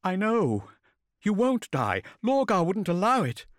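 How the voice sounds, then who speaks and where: A man's voice: sits high, huge pitch swings, measured pace, dry recording, studio quality, voice pushed up, exaggerated voice. A man voicing an anxious, pleading young woman. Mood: insistent. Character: frightened devoted young woman, tender and pleading.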